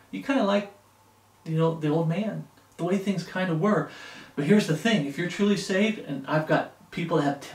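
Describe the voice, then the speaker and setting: A high-voiced man preaches with fervor, swelling into emphatic bursts. He stands back from the mic, and his words ring through a roomy, echoing space. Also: recorded from a distance. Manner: fervent, rising to emphatic bursts. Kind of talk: sermon.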